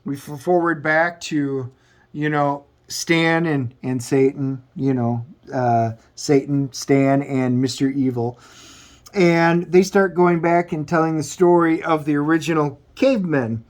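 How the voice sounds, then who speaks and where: A man's voice: fairly high pitch, steady tone, a little slow. A man hosting a comic book review show, retelling the plot in a loose, rambling way with frequent restarts. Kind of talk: casual plot recap.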